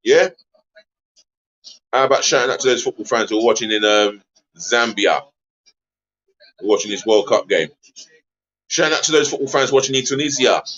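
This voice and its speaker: A man hosting a live football watch-along stream, chatty and easily exasperated, giving viewers shout-outs. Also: mid-range voice, moderate pace, pauses often, breathy edge, lo-fi sound.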